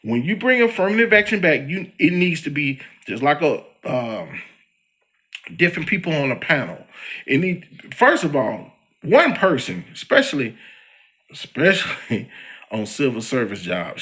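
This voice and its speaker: A man's voice: mid-range voice, measured pace. A man hosting a podcast, giving a slangy, heated commentary monologue aimed at a public figure. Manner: slangy and animated, addressing a celebrity directly. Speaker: podcast host.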